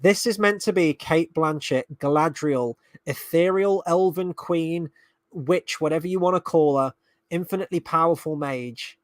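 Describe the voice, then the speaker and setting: Man, slightly high pitch, exasperated sarcastic reactor, casual and profane; dry, dead sound. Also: moderate pace, no room sound. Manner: sarcastic, exasperated, swears often. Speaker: fan reaction host.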